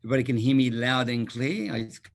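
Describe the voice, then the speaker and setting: A man's voice: mid-range voice, fast talker, creaky, dry recording. A man with a broad Australian accent giving a jokey, chatty presentation on an online panel over a video call.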